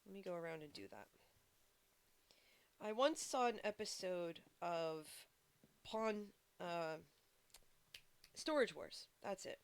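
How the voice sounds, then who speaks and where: A woman's voice: on the low side, sing-song, slow, long pauses. A woman live-streaming a game, chatting casually with her viewers in a rambling way full of fillers and restarts. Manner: talks to chat viewers. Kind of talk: casual live-stream chat while playing.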